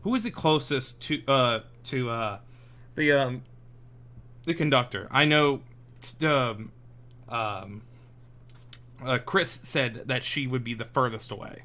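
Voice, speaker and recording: Bright-voiced male game master. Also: mid-range voice, takes it slowly, pauses often. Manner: hesitant, full of ums and restarts. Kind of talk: narrating a tabletop game.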